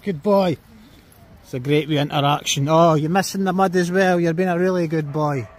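High-voiced sweary Scottish man. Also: steady tone, a little fast. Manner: sweary, joking, barks commands at the dog. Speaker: dog-walking live streamer. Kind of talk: casual live-stream chat. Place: outdoors in a park and by roads.

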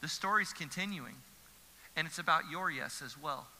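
A man's voice: a little high, normal speed, bright, forceful tone, slight background noise. A man, a pastor preaching an earnest sermon with emphatic repetition. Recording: church hall reverb.

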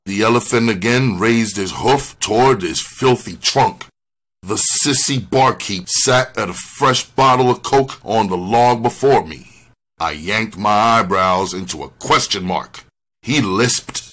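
A man reading a first-person memoir aloud, slow and deliberate. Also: fairly low pitch, a bit bright. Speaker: audiobook reader.

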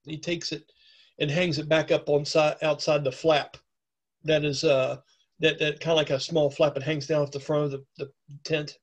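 A man running a tabletop game as its narrator. He describes the scene casually, halting and restarting with plenty of fillers. His voice sits a touch higher than most men's. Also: little pitch movement. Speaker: game master.

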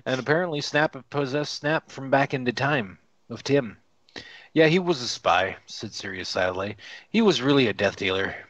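A man stumbles through a dreadful fanfic, reading it aloud for laughs and cursing whenever he trips over a word. His voice sits at an ordinary pitch. The recording is close and dry. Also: normal speed, fairly bright tone, dry recording, lo-fi sound. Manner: exasperated, stumbling over words, swearing. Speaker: reader. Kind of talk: comedic dramatic reading of a fanfic.

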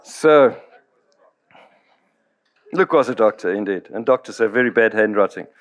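A man's voice: lowish voice, expressive, measured pace. A middle-aged man, preaching a sermon in a storytelling way and acting out quoted voices. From South Africa. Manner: storytelling, acts out quoted voices, chuckles often. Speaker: pastor.

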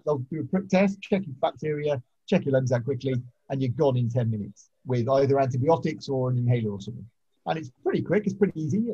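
A man's voice: on the high side, warm tone, husky. A man who referees rugby, telling blunt, sweary stories over a video call. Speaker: rugby referee, podcast regular. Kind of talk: casual storytelling chat. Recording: muffled lo-fi video call audio.

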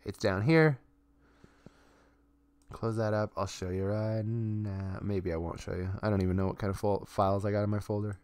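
Male streamer at a home setup, lowish voice, dry close sound, rambling and loose with the swearing. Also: fairly even intonation, moderate pace, a little mellow, smooth, dry recording. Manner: rambling, with many fillers and restarts; offhand swearing. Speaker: streamer and artist. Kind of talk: casual live-stream chat.

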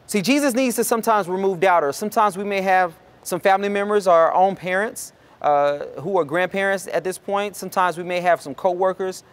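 A man's voice: high voice, fairly quick. A man preaching a sermon, casual and conversational, acting out the people in the story. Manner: acts out Bible characters in lively voices. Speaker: pastor.

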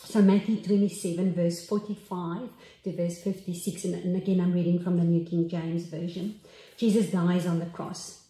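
A woman pastor with a South African accent giving a sermon, reading scripture slowly and reverently, pausing and restarting now and then. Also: lowish voice, flat delivery, dark tone. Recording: echoey room.

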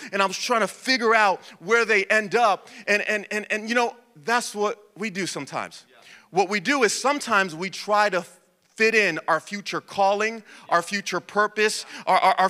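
A man in his thirties preaching a passionate sermon, shifting between urgent preaching and quiet storytelling. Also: sits high. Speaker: pastor. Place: church hall. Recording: long church reverb.

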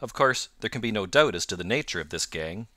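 A man's voice: fairly low pitch, lively intonation, a little fast, sharp tone, no echo, clean studio sound. A man doing a bluff, hearty police inspector. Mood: businesslike. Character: brisk, eager male police inspector. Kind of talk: audiobook narration.

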